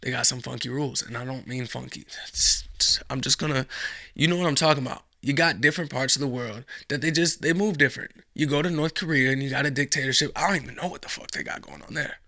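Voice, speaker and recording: A man's voice: medium pitch, fast talker, gravelly, bright, forceful tone, no echo, clean studio sound. A man hosting a casual podcast, rambling and swearing, with lots of fillers and restarts. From United States. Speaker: podcast host.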